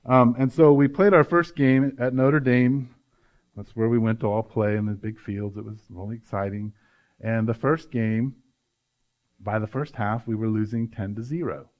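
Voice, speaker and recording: A man's voice: medium pitch, dull audio. A male pastor giving an earnest, conversational sermon, often adding "right?" to his points.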